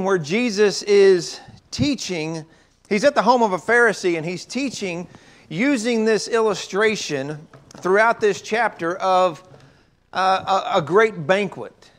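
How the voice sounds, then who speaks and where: High-voiced man preaching a casual sermon. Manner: conversational with joking asides and restarts.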